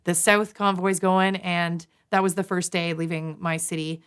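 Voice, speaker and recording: A woman's voice: on the low side, level tone, moderate pace, clear, resonant tone. A woman from Canada, in her thirties, telling a long personal story in a casual interview, full of fillers, restarts and quoted asides. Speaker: guest, nurse.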